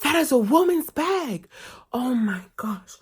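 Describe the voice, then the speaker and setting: Guy putting on a nosy older african lady, high and shrill, scandalized, keeps asking the same thing. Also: big pitch swings, slow pace, breathy edge, full character voice. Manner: shrill, repetitive prying questions.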